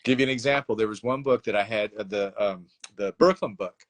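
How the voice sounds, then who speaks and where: A man's voice: fairly low pitch, fairly quick. Rambling, chatty man author. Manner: rambling, self-deprecating, many fillers. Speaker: guest author. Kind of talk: casual interview chat.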